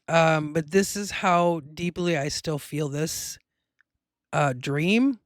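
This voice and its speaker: A woman with a low voice and slow pace hosts her own show, telling a personal story in a rambling, emotional way with many fillers. The sound is clean studio audio with no room sound.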